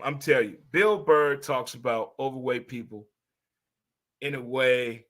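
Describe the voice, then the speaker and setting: A man from St. Louis hosting a casual monologue, animated and preachy, swearing freely as he gives pep talks. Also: medium pitch, measured pace. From St. Louis, USA. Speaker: host.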